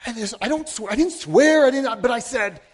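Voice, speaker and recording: A middle-aged man preaching a sermon, telling a story against himself with sudden swings between loud and hushed. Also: very high voice, lively intonation, a little fast, breathy edge. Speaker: pastor.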